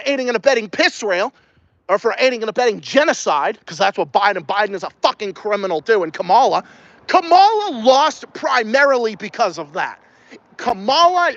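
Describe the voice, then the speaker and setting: A man's voice: sits high, a bit bright, dry recording, muffled recording. A man from Massachusetts with a New England accent, hosting a podcast outdoors and ranting profanely while answering viewer questions. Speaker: podcast host.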